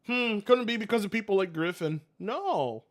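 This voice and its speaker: A man in his late twenties reacting to clips on a live stream, excitable, laughing often and swearing. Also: high voice, moderate pace. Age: 20s.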